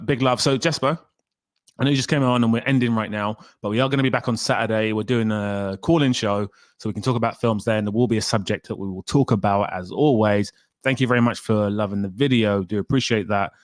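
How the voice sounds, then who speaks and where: A man's voice: fairly low pitch, dry recording, clean studio sound. A man hosting a livestream, chatting casually and animatedly, reacting with exclamations and frequent laughs. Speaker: host.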